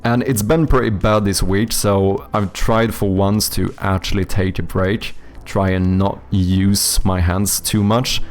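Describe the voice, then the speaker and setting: Chatting casually on a livestream, a young Swedish game developer reads viewer comments, rambling and swearing without restraint. His deep voice carries a fairly even intonation and an unhurried pace, with a Swedish accent.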